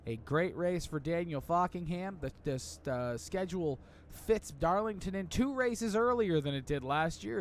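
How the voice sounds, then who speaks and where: Casting: energetic male race commentator, bright high voice, faint noise underneath. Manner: energetic, chatty, builds hype at the start. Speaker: sim racing commentator.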